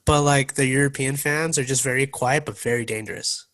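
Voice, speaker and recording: A man's voice: medium pitch, steady tone, brisk, a bit bright. A young man co-hosting a podcast, laughing a lot and cracking jokes in a slangy way. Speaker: podcast co-host. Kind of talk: casual chat.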